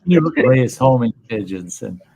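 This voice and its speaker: A man's voice: medium pitch, unhurried. A man hosting a casual online chat, telling a long farm story with plenty of swearing and acting out the people in it. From Upper Midwest United States. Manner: profane, animated storyteller acting out quoted people. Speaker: host.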